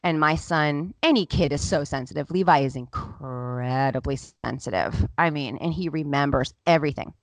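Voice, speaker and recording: A woman in her thirties with a low-pitched voice hosts a podcast, sharing a personal story in a candid, emotional, casual way and saying "like" a lot. She speaks at a moderate pace with hardly any pauses, and the recording is dry.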